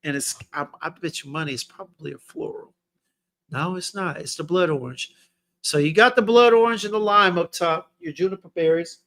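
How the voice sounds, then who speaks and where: A man with a fairly high voice for his sex, hosting a casual livestream review. He talks in a loose, slangy way straight to his viewers and thinks out loud as he goes. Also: moderate pace. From Texas. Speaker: fragrance reviewer, livestream host.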